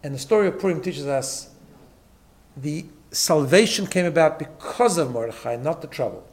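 A man's voice: on the high side, lively intonation, moderate pace. A man teaching a Torah class, emphatic, often repeating words and checking in with "right?". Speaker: rabbi.

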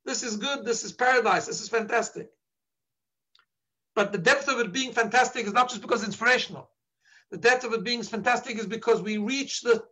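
A man's voice: high voice, pushed and bright, low-quality recording. A man giving an earnest sermon as a rabbi, repeating words as he searches for his phrasing. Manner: drops into Yiddish when quoting.

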